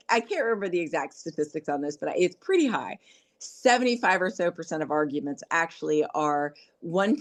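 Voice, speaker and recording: A middle-aged woman talks through relationship advice on a podcast in a casual, earnest, coaching way. She often slips into quoting everyday dialogue. Her voice sits somewhat low for a woman. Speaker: podcast host.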